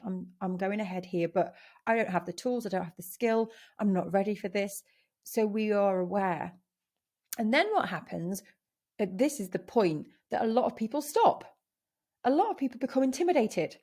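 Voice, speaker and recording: A woman hosting a casual reflective monologue, chatty and animated, often acting out her own inner voice. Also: mid-range voice. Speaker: host.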